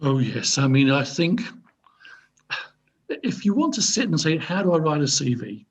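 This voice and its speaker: A man mentoring on a video call, giving emphatic career advice in a husky voice. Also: fairly high pitch, big pitch swings, normal speed. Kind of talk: advice in an online mentoring session. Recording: dull video call audio.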